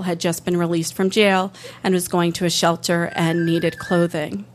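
A woman's voice: fairly low pitch, a little hiss or hum. Earnest woman telling a personal story. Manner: earnest, candid, with halting restarts. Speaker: storyteller, public defender. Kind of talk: live first-person storytelling.

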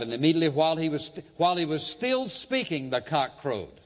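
A man preaching a sermon in a church, emphatic and dramatic, swinging between loud stresses and hushed, slow lines. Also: on the high side, sing-song. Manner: emphatic, dramatic preaching with sudden shifts in loudness and pace. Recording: dull sound, long hall reverb.

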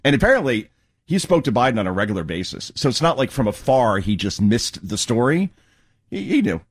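A man hosting a political talk show, sarcastic and mocking, with quick asides. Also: medium pitch, very animated, breathy edge. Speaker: radio talk show host. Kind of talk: opinionated political commentary.

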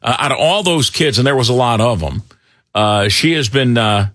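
A middle-aged man hosting talk radio, rambling and animated with lots of fillers. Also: medium pitch, moderate pace, no echo, clean studio sound. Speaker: radio talk show host. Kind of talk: casual talk radio banter.

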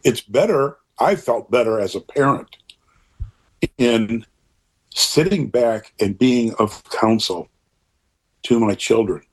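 An older man in an interview conversation, talking in an earnest, rambling way with animated asides, his voice a little husky. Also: medium pitch.

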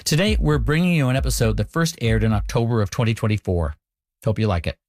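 A man hosting a medical radio show, in measured documentary narration. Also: mid-range voice, darkish tone, dry recording, studio quality, faint music behind. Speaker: radio show host, doctor.

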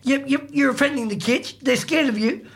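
A man's voice: very high voice, fairly quick, vocal fry. A man, co-hosting a podcast in casual chat and telling a story with repeated, emphatic phrasing.

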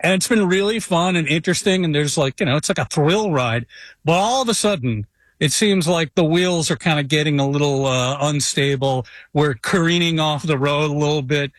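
A man guesting on a casual sports chat, upbeat and relaxed. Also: fairly high pitch, moderate pace, no echo. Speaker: guest, graphic artist and author.

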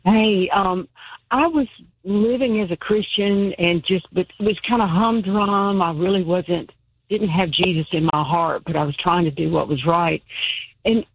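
A woman calling in to a radio show, speaking in a hesitant, halting way. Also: on the low side, husky, no echo, rough recording. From Tennessee. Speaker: caller.

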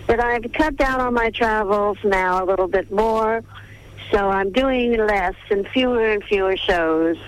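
An older woman who grew up in Texas, a veteran film star reminiscing in a radio interview over the phone, listing names at an unhurried pace. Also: mid-range voice. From Texas, USA. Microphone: telephone. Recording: tinny phone line, radio broadcast.

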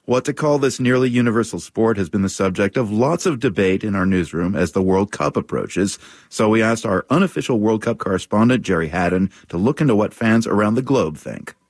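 A male news anchor reading a scripted introduction in a smooth, formal way. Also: fairly low pitch, expressive, fairly quick, darkish tone, dry recording, clean studio sound.

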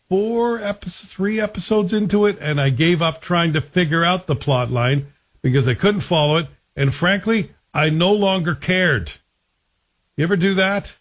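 A man casually reviewing a TV series, chatty and wry, asking the listener questions as he goes. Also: fairly high pitch.

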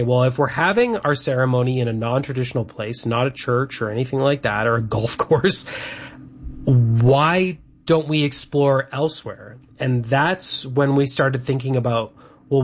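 A man's voice: medium pitch, moderate pace. A man hosting a casual chat, talking in a rambling way with lots of fillers. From Canada. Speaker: host. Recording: dull lo-fi sound.

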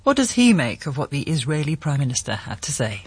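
A male news presenter with a crisp, scripted delivery. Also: a little high, big pitch swings, fairly quick, no room sound.

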